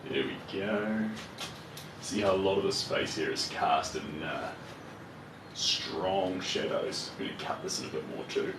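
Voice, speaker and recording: Slow, low-voiced man painting in a roomy studio. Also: background noise. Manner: relaxed, muttering to himself as he works and greeting viewers. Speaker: painter live-streaming his process. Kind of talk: casual live-stream chat while painting. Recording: roomy echo, voice far from the mic, faint ambience.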